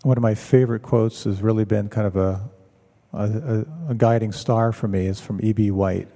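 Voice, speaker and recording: A man, a meditation teacher, giving a measured, reflective talk and telling stories to an audience in a large hall. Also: lowish voice, fairly even intonation, mellow. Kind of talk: dharma talk.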